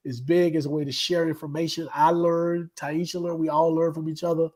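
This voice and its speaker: Guy on a livestream, higher voice, earnest, keeps repeating himself. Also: level tone, fairly quick, a little mellow, rough recording. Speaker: livestream co-host, author. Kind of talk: casual livestream chat.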